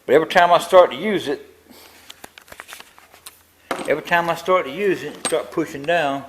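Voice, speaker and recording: A man's voice: a little high, slight background noise, low-quality recording. An older man, talking through a tractor build in his machine shop in a rambling, grumbling way. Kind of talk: casual workshop vlog.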